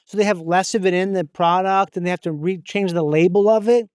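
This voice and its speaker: High-voiced playful man chatting. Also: fairly even intonation, darkish tone, smooth, dry recording, studio quality. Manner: playful, repeats jokes, drawn-out bits. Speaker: podcast guest. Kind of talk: casual comedic chat.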